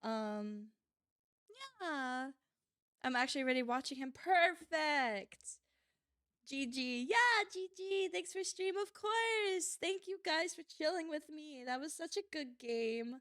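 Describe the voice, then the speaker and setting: A woman's voice: sits high, animated, takes it slowly, a bit bright, no echo, studio quality. A young woman live-streaming a video game, reading its text aloud and chatting casually and emotionally with her viewers, laughing and swearing often.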